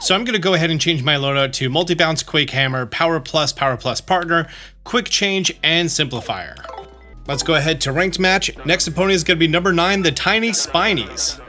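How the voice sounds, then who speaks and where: A man narrates a video game walkthrough from home in a chatty, upbeat way. His voice sits a little high and sounds bright. Faint game music plays beneath him. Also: fairly quick. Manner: upbeat, chatty, reads game text aloud. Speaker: gaming YouTuber. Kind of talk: walkthrough commentary.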